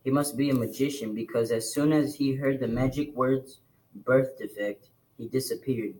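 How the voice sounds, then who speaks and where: A man's voice: mid-range voice, fairly even intonation, moderate pace, mellow, natural voice, poor audio. A man voicing a brash, mocking woman. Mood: taunting. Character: brash mocking adult woman, crude and careless.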